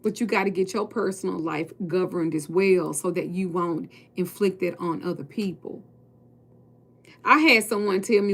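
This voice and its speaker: A woman's voice: fairly low pitch, moderate pace, fairly bright tone. A woman tarot reader and spiritual coach speaking casually and bluntly to her viewers, preaching and swearing freely.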